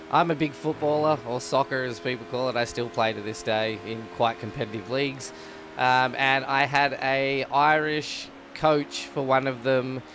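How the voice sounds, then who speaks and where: A man tells a casual story in a relaxed, easy voice, laughing between lines. Clear background noise sits behind him. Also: medium pitch. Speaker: guest commentator.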